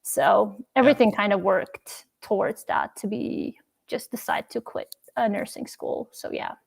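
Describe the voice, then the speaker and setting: A woman's voice: medium pitch, a little slow, vocal fry, slightly rough. A young woman from Uzbekistan, a podcast guest telling her story in a casual interview and emotionally acting out her family's words. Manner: emotional, acts out family dialogue.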